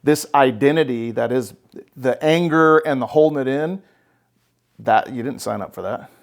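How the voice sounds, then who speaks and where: Speaking at normal speed in a mid-range voice with some vocal fry, this therapist-host chats casually on his podcast. Expect bluntness, profanity, emphasis, and a steady stream of "right?" check-ins.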